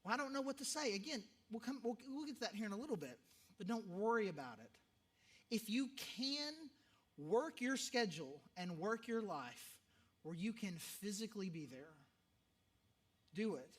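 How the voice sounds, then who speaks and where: A man's voice: high-pitched, expressive, normal speed, fairly bright tone. A man who is a pastor, preaching a sermon in a conversational way, often repeating himself for emphasis. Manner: conversational, self-interrupting, emphatic repetitions.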